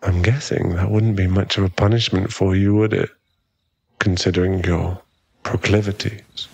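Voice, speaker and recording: A man's voice: low-pitched, fairly even intonation, moderate pace, darkish tone, dry recording. A man voicing a cocky, mocking young male bully in a whispered role-play, with a smug, drawling manner close to the mic. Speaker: ASMR roleplay performer.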